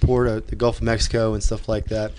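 A man from Louisiana talking quickly and offhandedly in a casual group chat. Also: lowish voice, flat delivery, a little mellow, a little hiss or hum.

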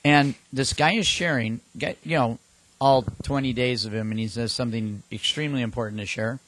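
A man's voice: mid-range voice, fairly quick, fairly bright tone, poor audio. A man co-hosting a casual talk show, telling rambling anecdotes and acting out quotes. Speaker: podcast co-host. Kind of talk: casual chat.

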